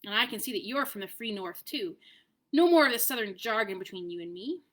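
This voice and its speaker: A woman voicing a proud, brisk adult male talking war horse in a storybook read-aloud, with a commanding, impatient manner. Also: medium pitch, close to an everyday voice. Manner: commanding, impatient, lively emphasis.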